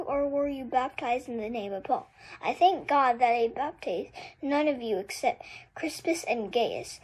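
Woman scripture reader with a very high voice, careful and deliberate. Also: darkish tone, breathy edge, poor audio. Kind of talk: Bible reading.

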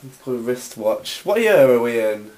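A man's voice: mid-range voice, sing-song, moderate pace, darkish tone. Man as a baffled bar customer, hesitant and stammering, far from the camera mic. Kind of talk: amateur comedy sketch acting. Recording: roomy, distant camera mic, faint noise.

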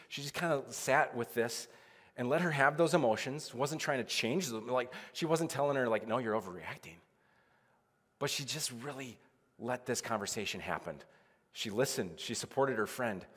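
A man's voice: medium pitch, breathy edge. A male pastor giving a casual, conversational sermon, full of "like"s and acted-out quotes. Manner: casual, chatty preaching with many "like"s and acted-out quotes. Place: church sanctuary. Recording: reverberant church sanctuary.

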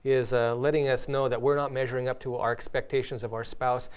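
A man hosts a relaxed conversation on faith and family. His voice sits at an ordinary pitch for a man. He tells illustrations earnestly, with the odd light laugh. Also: brisk, clear, resonant tone. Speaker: host. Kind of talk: casual spiritual discussion.

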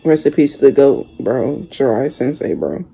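A young man hosting a reaction video, talking casually and excitedly in slang, exclaiming and chatting as he watches. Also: medium pitch, moderate pace, vocal fry, breathy edge, low-quality recording. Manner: exclamatory, slangy, keeps saying "bro".

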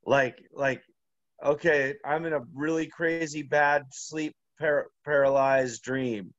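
A man with a fairly high voice tells a long story in a loose, rambling way, stopping and restarting often. The sound is dry and dull, as if recorded close up on modest gear. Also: fairly even intonation, a bit bright, dry recording. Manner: rambling, halting, full of "like" and restarts. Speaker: interview guest. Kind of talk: casual storytelling.

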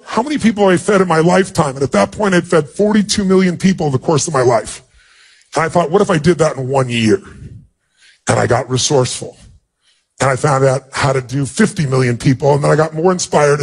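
A man giving a motivational speech, telling a personal story with emotional, animated delivery and a husky voice. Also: a little fast. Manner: emotional, animated storytelling, rising in pitch when stirred. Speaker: motivational speaker.

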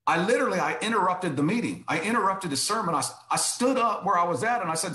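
A man's voice: high-pitched, animated, fast, hardly any pauses, bright, forceful tone, roomy sound. A man telling his personal testimony as a guest, emphatic and repetitive, often saying "I said".

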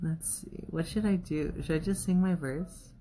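A man's voice: on the high side, steady tone, normal speed, mellow, a little hiss or hum. A young man, a drag performer, chatting playfully while doing his makeup at home on a phone livestream, laughing often. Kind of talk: casual livestream chat.

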